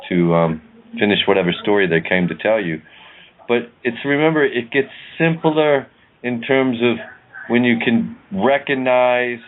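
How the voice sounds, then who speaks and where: Rambling, hesitant man on the phone. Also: medium pitch. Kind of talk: casual spiritual chat. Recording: tinny phone line.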